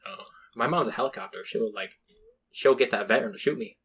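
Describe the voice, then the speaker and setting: A man's voice: mid-range voice, expressive, fast talker, fairly bright tone, breathy edge. A young man hosting a podcast, telling rambling, laid-back stories in a casual chat. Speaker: podcast host.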